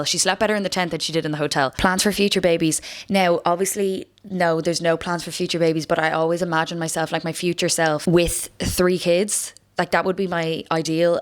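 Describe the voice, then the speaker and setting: A woman in her late twenties with an Irish accent, chatting casually in a vlog as she answers viewer questions, rambling, restarting and swearing freely. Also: fairly low pitch. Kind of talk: casual chat.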